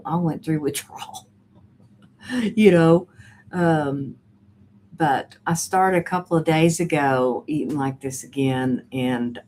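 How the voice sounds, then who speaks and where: A middle-aged woman hosts a casual live stream in a low, unhurried voice. She rambles from one thought to the next, full of "um" and "uh" and restarts, and chats back to her viewers' comments. A faint noise sits under her voice. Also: mellow. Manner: rambling and chatty, with many fillers and restarts. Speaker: host of a live chat stream.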